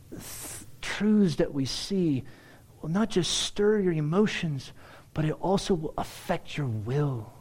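Male pastor, sermon delivery, high-pitched and very lively. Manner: animated preaching, rising to excited emphasis.

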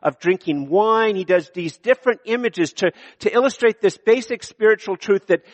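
A Canadian man delivers an animated sermon in a fairly high voice that rises and drops back to a near hush. His words ring with the long reverb of a large church hall, yet the pickup stays close and dry. He preaches with emphasis and leans on key phrases. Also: moderate pace. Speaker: pastor. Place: church sanctuary.

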